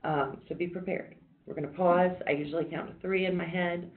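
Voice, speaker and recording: A woman mindfulness instructor leading a workshop, talking people through deep breathing in a calm, reassuring, conversational way. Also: brisk. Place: workshop room. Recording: echoey room on a tinny, phone-like line.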